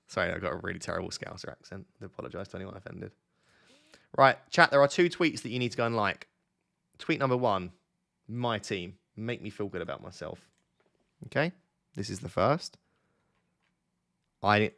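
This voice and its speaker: A man's voice: lowish voice, lively intonation, normal speed, gravelly, long pauses, a bit bright. A young man hosting a casual late-night live stream from his bed at home, chatty and teasing as he talks to his chat. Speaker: fantasy football streamer, host.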